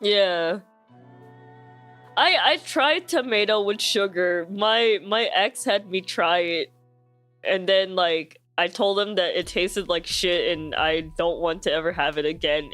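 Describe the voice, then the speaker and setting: A woman's voice: lowish voice, a little slow, fairly bright tone, faint music behind. A woman streamer chatting casually, blunt and profane, often laughing through her stories.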